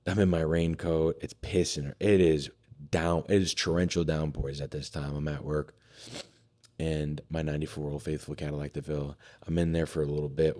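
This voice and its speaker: A man's voice: extremely low pitch, mellow. A man talking as a podcast guest, candidly telling a personal story in a casual conversation, swearing freely and with many fillers and restarts.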